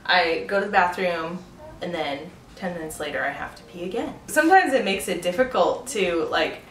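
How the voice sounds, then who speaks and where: A young woman talks casually to the camera, laughing often and scattering "like" and "um" through her speech. Her voice sits a little low, and it carries an echoey room sound with faint background noise. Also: fairly bright tone, far from the mic. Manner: chatty, laughs often, many fillers like "like" and "um". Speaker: pregnancy vlogger. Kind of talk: casual chatty vlog.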